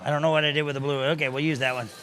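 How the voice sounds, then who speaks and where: A man doing comic magic-show patter for children, playful and teasing, calling loudly out to a live audience. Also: a little high, level tone, rapid-fire, a little hiss or hum. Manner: playful, teasing, loud, calls out to the crowd. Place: synagogue sanctuary in front of a live audience.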